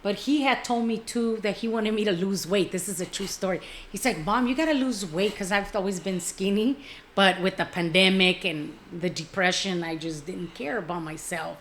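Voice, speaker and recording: A middle-aged woman speaks candidly in a mid-pitched, natural voice, recounting a personal story in an interview. Her delivery is earnest and plain-spoken, with casual swearing and the odd Spanish word. A faint hum of room ambience sits underneath. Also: normal speed. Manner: mixes in Spanish words.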